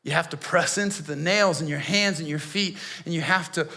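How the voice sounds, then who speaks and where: A man, a pastor, playing Barabbas in a dramatic first-person monologue, dropping to hushed near-whispers and rising to pleading outbursts, with sharp gasps between phrases. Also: fairly high pitch, fairly quick, gravelly. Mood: hushed, grim. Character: Barabbas, a grown man, haunted and shaken.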